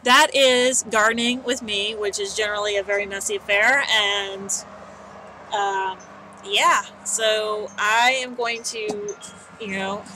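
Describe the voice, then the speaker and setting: A woman's voice: medium pitch, steady tone, slow pace, sharp tone, a little hiss or hum, rough recording. A young woman vlogging in casual chat on an outdoor balcony, rambling and self-mocking with lots of fillers.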